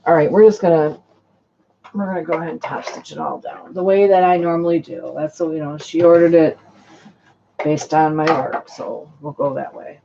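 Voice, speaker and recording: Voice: mid-range voice, fairly even intonation, normal speed, gravelly, dark tone, a little hiss or hum. Rambling lo-fi sewing-stream host. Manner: rambling, trails off and restarts mid-sentence. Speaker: sewing vlogger on a live stream. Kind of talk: casual live-stream chat while sewing. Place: home sewing space. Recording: dull lo-fi live-stream audio.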